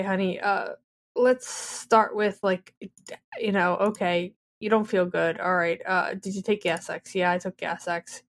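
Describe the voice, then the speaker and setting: A woman in her thirties on a casual podcast, telling a story with lively back-and-forth dialogue. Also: medium pitch. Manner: animated storyteller, acts out both sides of dialogue. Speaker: podcast co-host.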